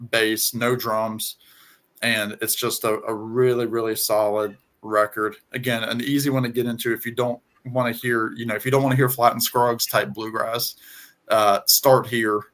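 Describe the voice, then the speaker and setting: A man with a Southern US twang, talking casually on a video call and pausing often with ums and restarts. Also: on the low side, fairly bright tone. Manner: halting, many ums and restarts. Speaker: guest on music chat. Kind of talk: casual conversation.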